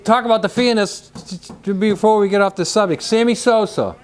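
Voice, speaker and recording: Male local sports announcer, talkative storyteller, higher voice, restarts his words. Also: brisk, slight background noise. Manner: chatty, storytelling, repeats words when starting. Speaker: sports commentator. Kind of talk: casual booth chat between plays.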